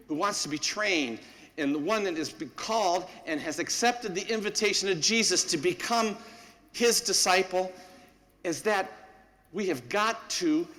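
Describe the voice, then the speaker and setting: Chatty priest in an echoey church. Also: male voice, high voice, fairly bright tone. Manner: folksy and anecdotal, chuckling, many fillers. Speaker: parish priest. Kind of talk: conversational homily.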